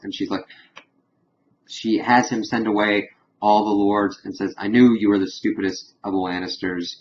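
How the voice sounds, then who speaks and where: A man's voice: on the low side, a little hiss or hum. Young man recapping a show, dull audio. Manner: animated retelling, lightly acting out characters' lines. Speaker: TV show reviewer. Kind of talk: casual spoken recap and review.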